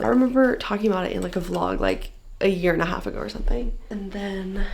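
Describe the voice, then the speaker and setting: Chatty tired young woman with a gravelly edge. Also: fairly low pitch, darkish tone. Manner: chatty, frequent "like" fillers. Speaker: book vlogger. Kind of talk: casual vlog chat. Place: bedroom.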